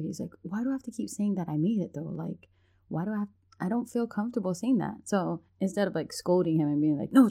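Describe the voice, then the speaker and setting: A woman casually telling a parenting story, acting out the voices in her dialogue and laughing often. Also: lowish voice. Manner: animated, acts out quoted dialogue, laughs often.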